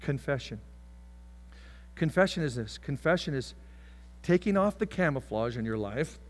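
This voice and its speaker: A man preaching a sermon as pastor, swinging from loud shouts to soft whispers and acting out voices. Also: mid-range voice, lively intonation, moderate pace.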